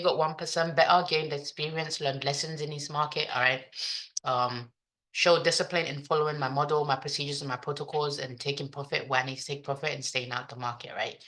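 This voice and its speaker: Her voice is very deep, pushed and bright, and her accent mixes African, British and American influences. She's a day trader chatting to herself about her trades, cursing casually as she goes.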